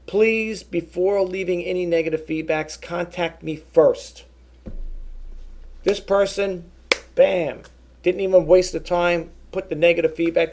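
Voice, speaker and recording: A middle-aged man rants to his vlog audience about a grievance, rambling and restarting his sentences as he quotes both sides of a phone call. His voice sits a bit high and sounds gravelly and husky. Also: a little mellow. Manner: repeats and restarts words, rambling. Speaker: vlogger. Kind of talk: casual ranting vlog.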